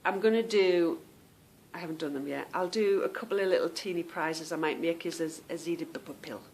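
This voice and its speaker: A woman's voice: fairly low pitch, brisk, a little mellow, a little hiss or hum. Chatty woman hosting a homey podcast. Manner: chatty, calls listeners "girl" and "girlies". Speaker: podcast host. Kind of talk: casual chat.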